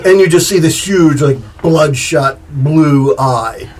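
A man's voice: on the high side, slow, darkish tone. A man narrating as game master in a playful, laughing way. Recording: distant mic with light noise.

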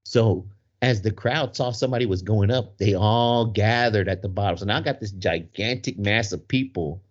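Middle-aged guy on a podcast telling a story, laughing a lot, kinda low voice, muffled lo-fi sound. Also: moderate pace. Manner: animated, laughs through his story. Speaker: podcast co-host. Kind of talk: casual storytelling. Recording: muffled lo-fi recording.

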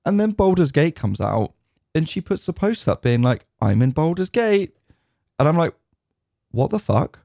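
A man's voice: on the high side, big pitch swings, normal speed, creaky, mellow, no echo, clean studio sound. A man co-hosting a gaming podcast, talking casually and relaying news and stories with fillers. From United Kingdom. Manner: talks at length, relays news and anecdotes with fillers. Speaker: podcast co-host. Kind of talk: casual chat.

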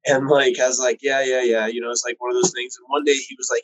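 A man's voice: mid-range voice, level tone, fast talker, poor audio. A man who breeds cannabis, telling long stories in a laid-back, profane way, with lots of fillers, and acting out quoted voices. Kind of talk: casual storytelling chat.

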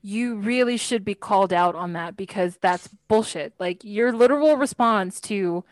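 A woman's voice: mid-range voice, moderate pace, dry recording. Emphatic woman in casual discussion, dry sound. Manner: emphatic, many fillers and restarts.

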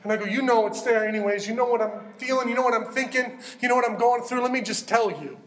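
Male pastor, high voice, lively sermon delivery, roomy echo. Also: fast. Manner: animated, acts out prayers in character. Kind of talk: sermon teaching.

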